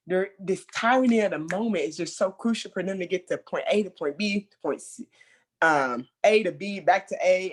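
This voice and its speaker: A speaker leading a mentor training session in a conversational way, acting out remembered quotes loudly and laughing between points. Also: mid-range voice.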